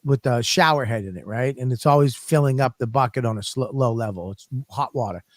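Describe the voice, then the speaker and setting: A man's voice: medium pitch, brisk, dry recording. A man co-hosting a podcast, telling crude stories in a rambling, profane way. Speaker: podcast co-host. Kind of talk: casual comedic chat.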